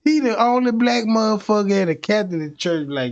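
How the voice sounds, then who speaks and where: Animated man riffing crude comedy. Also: high-pitched, brisk, hardly any pauses, dull audio. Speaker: streamer. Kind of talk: comedic storytelling riff.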